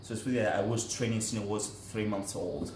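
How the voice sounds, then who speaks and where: A man playing a boastful blinking competitor who claims laser eyes, in excitable broken English, recorded in an echoey room. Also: fairly low pitch, brisk, slight background noise, close to an everyday voice. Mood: earnest. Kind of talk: mockumentary interview.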